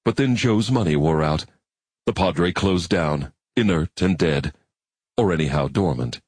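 Deep, husky male audiobook narrator. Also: animated, darkish tone, no echo. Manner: measured, reflective reading.

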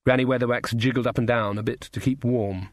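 A man narrating a comic fantasy audiobook in a measured, dry delivery. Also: mid-range voice, fairly even intonation, dry recording. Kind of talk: scripted narration.

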